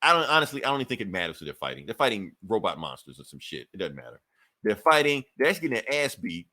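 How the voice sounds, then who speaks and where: A man's voice: lowish voice, big pitch swings, rapid-fire, bright, forceful tone. A man co-hosting a podcast, recapping a comic book in a loose, profane, laughing way. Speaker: podcast co-host.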